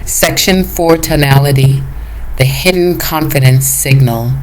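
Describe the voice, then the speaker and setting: A woman narrating a self-improvement lesson in a measured, list-like reading. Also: low voice, a little hiss or hum, rough recording. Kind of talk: scripted narration.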